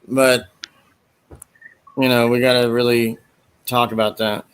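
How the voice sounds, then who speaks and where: A man's voice: medium pitch, little pitch movement, a little slow, clean tone. A man hosting a casual chat, rambling as he retells movie scenes and acts out the quoted lines.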